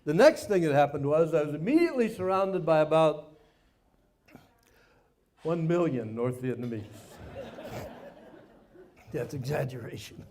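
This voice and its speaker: An older man giving a speech to a live audience, telling a war story in a folksy, self-mocking way with dramatic pauses. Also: a little high, big pitch swings, darkish tone. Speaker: guest speaker, former Navy pilot. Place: party venue before a live audience.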